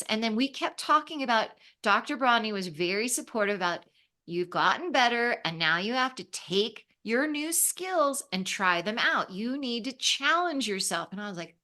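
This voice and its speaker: Woman, fifties, interview guest, animated storyteller, acts out quotes, bright tone, higher voice. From Los Angeles. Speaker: interview guest, travel writer.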